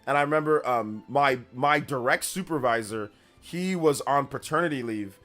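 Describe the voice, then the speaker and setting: With soft music in the background, this male gaming news streamer talks at a moderate pace in a medium-pitched voice. On his casual livestream he tells meandering, slangy stories packed with "bro" and "like," turning loud and animated mid-story.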